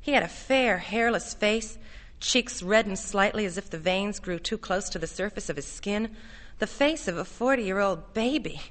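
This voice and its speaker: Bright-voiced woman reading a story aloud. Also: medium pitch, expressive, normal speed. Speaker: reader.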